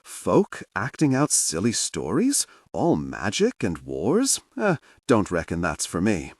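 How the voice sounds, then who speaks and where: A man's voice: fairly low pitch, huge pitch swings, takes it slowly, breathy edge, no room sound, full character voice. A man voicing a blunt, dry-witted young woman in an audiobook. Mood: teasing.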